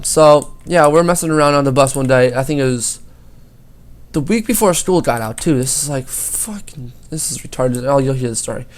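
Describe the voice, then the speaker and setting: A teenage boy gaming YouTuber telling a school story over gameplay, rambling and swearing a lot. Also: mid-range voice.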